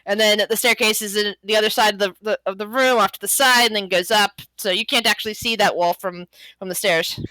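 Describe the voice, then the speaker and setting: A young woman narrating as game master, halting with many fillers and restarts. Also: medium pitch, fairly even intonation, bright, forceful tone, no echo, low-quality recording.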